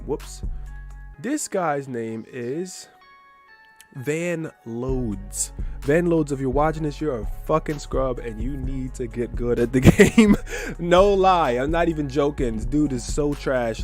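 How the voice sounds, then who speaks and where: A man's voice: mid-range voice, lively intonation, measured pace, soft background music. A man giving gameplay commentary as a gaming video maker, trash-talking his opponent with plenty of swearing. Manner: brash trash-talking, profane. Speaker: gaming YouTuber.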